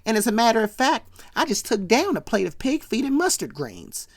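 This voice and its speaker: A woman voicing a brassy, defiant older sitcom matriarch in a lower, softer voice that turns into loud scolding. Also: sing-song, a little fast.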